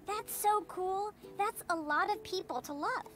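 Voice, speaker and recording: A woman voicing a sweet, innocent little teddy bear that speaks slowly and wide-eyed. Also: very high voice, fairly bright tone, faint music behind, voice pushed up. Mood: wondering.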